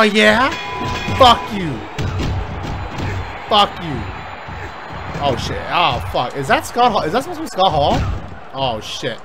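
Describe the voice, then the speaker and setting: A man giving loud, profane let's-play commentary while wrestling in a video game. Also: a little high. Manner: excitable, profane, yelling at the game. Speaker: gaming YouTuber.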